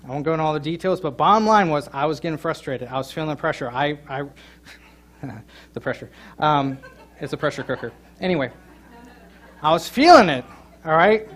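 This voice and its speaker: A middle-aged man preaching a sermon, telling a funny story and joking with his congregation, with loud emphatic peaks. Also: fairly high pitch, fairly quick, slight background noise. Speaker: pastor. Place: church sanctuary.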